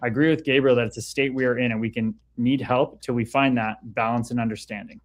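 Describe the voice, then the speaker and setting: A man's voice: medium pitch, fairly even intonation, fast talker. A man hosting a casual livestream, talking candidly and reading viewer comments aloud. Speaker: livestream host reading chat.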